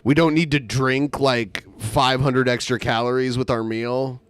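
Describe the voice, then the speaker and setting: A man's voice: mid-range voice, fairly even intonation, a little slow, clean tone, no echo. A man co-hosting a podcast in casual chat, rambling with many fillers and laughing easily. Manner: rambling, lots of likes and uhs, laughs easily. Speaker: podcast co-host.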